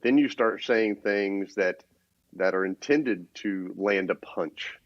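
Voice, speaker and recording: A man co-hosting a business podcast, explaining ideas in a steady, casual way. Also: lowish voice, takes it slowly, no room sound. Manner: steady, explanatory, many restarts. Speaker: podcast co-host. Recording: dull, dry lo-fi sound.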